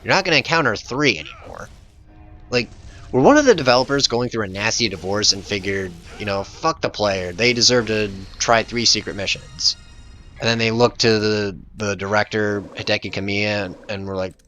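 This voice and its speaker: A man's voice: lowish voice, moderate pace, bright, forceful tone, soft background music. A man hosting a gaming channel, giving voice-over commentary on gameplay in a profane, exasperated rant.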